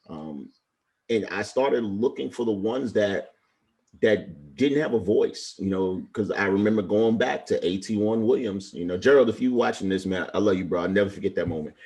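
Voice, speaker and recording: A man's voice: low-pitched, mellow. A man in his forties from Brooklyn, a retired Navy chief telling stories with passion and earnest feeling in a casual interview. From Brooklyn, New York. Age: 40s.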